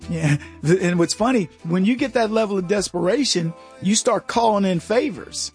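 A man hosting a radio talk show, talking in an animated, sarcastic way and mocking people in put-on voices. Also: high voice, normal speed, hardly any pauses, breathy edge, faint music behind.

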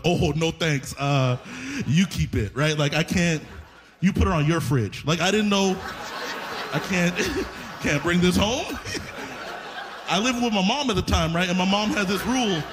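A man doing a stand-up bit on stage, telling a sheepish story with acted-out quotes. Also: fairly high pitch. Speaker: stand-up comedian. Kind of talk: stand-up set.

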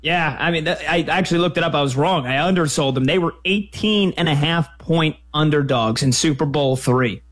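A man hosting a sports talk radio show, taking callers in a quick, energetic, conversational way. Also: on the high side.

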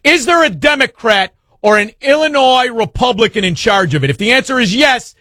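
Talk host, male, sarcastic ranter, high voice that swings widely, dry close sound. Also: animated, a little fast, bright, forceful tone, no echo. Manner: sarcastic, mocking, hurls insults. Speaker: radio talk show host. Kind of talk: combative talk radio rant.

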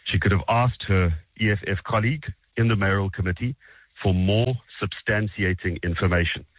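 A South African man with a low, husky voice argues combatively in a broadcast political debate. He corrects his opponent bluntly and firmly. The sound is dull and lo-fi. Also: moderate pace, dry recording. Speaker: opposition politician.

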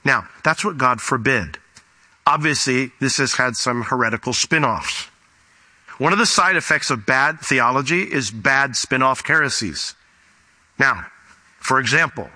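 A man preaching a sermon as pastor, reading scripture aloud and explaining it, often rising in pitch for emphasis. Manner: animated, rises sharply in pitch for emphasis.

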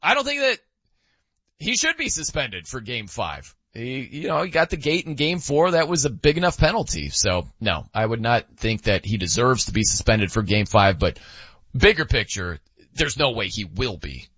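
Male sports radio host, emphatic and sarcastic, bright tone, dry studio mic. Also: mid-range voice, normal speed, husky, no room sound, lo-fi sound. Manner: emphatic, animated, sarcastic asides. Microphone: studio microphone.

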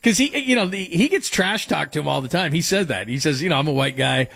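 A man hosting a daily sports talk show, rambling and joking as he reads listener texts, with a light, fairly high voice. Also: sing-song, fast, gravelly, a bit bright, breathy edge, no room sound. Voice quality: light, higher voice. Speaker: sports radio host.

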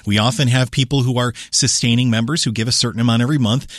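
A man's voice: mid-range voice, steady tone, fast talker, fairly bright tone, no echo. A man hosting a public radio pledge drive, chatting casually with fillers in the studio. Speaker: public radio fundraiser host. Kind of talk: pledge drive on-air chat.

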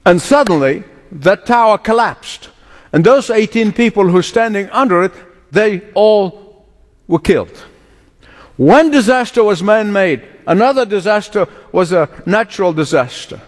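Emphatic preacher in a reverberant hall. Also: male voice, sits high, lively intonation. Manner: emphatic preaching with dramatic slowdowns and sudden outbursts; chuckles between points. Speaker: pastor. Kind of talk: sermon.

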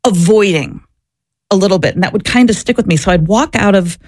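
A woman's voice: mid-range voice, fairly quick, darkish tone, no room sound, studio quality. A woman and former social worker answering interview questions, telling her story in an earnest, reflective way. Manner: earnest, reflective, searching for words.

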